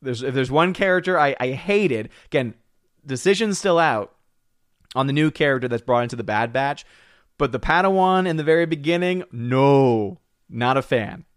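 Excitable man chatting on a live stream. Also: on the high side, dry recording, studio quality. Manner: excitable, repeats words while rushing to the point. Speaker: live stream host reading viewer chats. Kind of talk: casual live stream chat.

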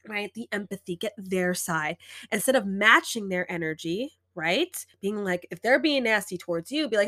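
A young woman hosts a podcast, speaking in a relaxed, conversational way. Her voice sits at a middling pitch, and she keeps checking in with the listener as she goes. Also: moderate pace. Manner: conversational, lots of "right?" and "like". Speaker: podcast host. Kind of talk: casual advice monologue.

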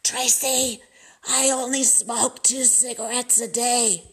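A woman voicing an elderly grandmother with a rough smoker's voice, brushing off worries about her habit. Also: on the high side, fairly even intonation, slow, a bit bright, heavily acted. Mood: dismissive. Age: older.

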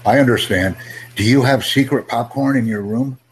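A man teaching an English conversation lesson over a video call, upbeat and encouraging, speaking in simple, slowed-down phrases. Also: medium pitch, a little hiss or hum. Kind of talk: live online English lesson.

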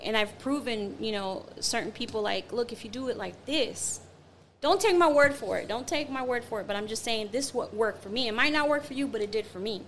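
A woman's voice: fairly high pitch, fairly quick, few pauses, slight background noise. A woman telling a personal story in casual chat, acting out the quotes with lots of fillers. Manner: animated, acts out quotes, many fillers.

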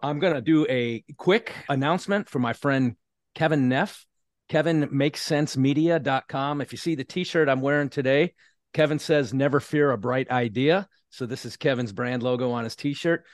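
A man with a mid-range voice runs an interview show, recorded close and dry with no room sound. He breaks words down slowly to explain them, then hands off to his guest with a question. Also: medium pitch, dry recording. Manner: explanatory, spells out terms slowly. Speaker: podcast host. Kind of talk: interview hosting with sponsor read.

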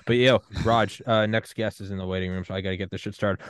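A man's voice: fairly low pitch, quick pace, smooth, no room sound, studio quality. Profane man hosting a podcast. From US state of Georgia. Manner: profane, animated storytelling with acted-out quotes. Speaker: podcast host. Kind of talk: casual chat.

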